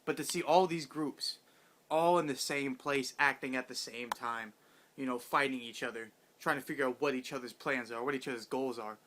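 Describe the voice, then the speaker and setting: A man giving a casual, rambling chapter review, excited and full of profanity and slang. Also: mid-range voice, normal speed, a little hiss or hum.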